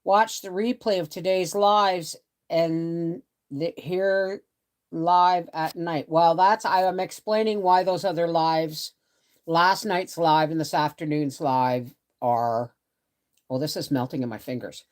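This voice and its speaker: A woman's voice: lowish voice, steady tone, takes it slowly. A middle-aged woman chatting casually on a live stream from her bed, rambling and greeting viewers by name. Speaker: homestead channel host. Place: bedroom, in bed.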